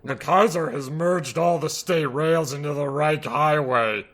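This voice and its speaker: A man's voice: fairly high pitch, measured pace, fairly bright tone. A man voicing a chatty, proud steam-carriage driver in a game playthrough, rambling on about his father. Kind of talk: voicing a game character for friends.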